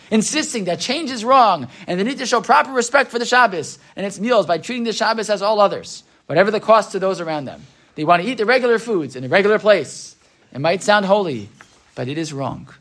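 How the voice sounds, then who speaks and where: His voice is high, expressive, a bit bright and a little fast as this man leads an informal Torah lesson. He's conversational, often asking "right?", and performs the voices of people in his stories.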